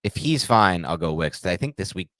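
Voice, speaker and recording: A man with a very low voice co-hosts a loose, joking chat. He is animated and quick to laugh, and the sound is close and dry. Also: no echo. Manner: jokey and animated, breaks into laughter. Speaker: podcast co-host. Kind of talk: casual chat.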